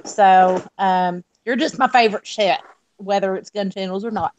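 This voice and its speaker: A woman's voice: mid-range voice, normal speed, a little mellow, highs cut off, slight background noise. Brash Texan woman on a call. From Texas. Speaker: guest. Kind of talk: casual chat.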